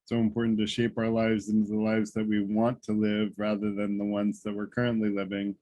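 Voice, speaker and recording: Flat low-voiced man hosting a call. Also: a little fast. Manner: relaxed, many fillers. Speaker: group host. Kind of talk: hosting a video call discussion. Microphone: video call.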